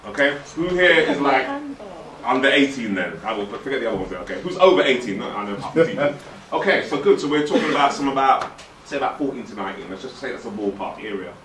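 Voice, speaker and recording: Animated man in his forties. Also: medium pitch, fast talker, recorded from a distance, a little hiss or hum. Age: 40s. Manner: joking, direct and playful, puts on slangy voices. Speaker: motivational speaker. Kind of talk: lively motivational talk to a youth audience. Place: event hall with a live audience. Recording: echoey hall, speaker away from the mic.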